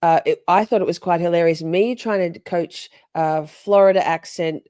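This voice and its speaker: A woman's voice: on the low side, steady tone, normal speed, warm tone, dry recording. Chatty woman streamer. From Australia. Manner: chatty, swears, reacts to chat. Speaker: livestream host. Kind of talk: casual livestream commentary.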